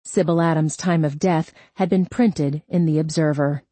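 A woman narrating a crime novel audiobook in a measured, unhurried delivery. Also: low voice, fairly even intonation, mellow, no room sound.

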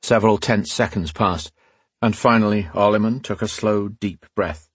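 A man narrating a fantasy story in a steady, scripted reading. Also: lowish voice, normal speed, slightly rough, no room sound. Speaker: audiobook narrator.

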